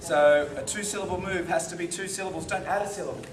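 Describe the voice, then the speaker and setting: A karate instructor teaching a class, drilling the students with call-and-response and calling out counts with energy. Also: male voice, sits high, fairly even intonation, fast talker. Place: large training hall. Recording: echoey hall from far off, noisy.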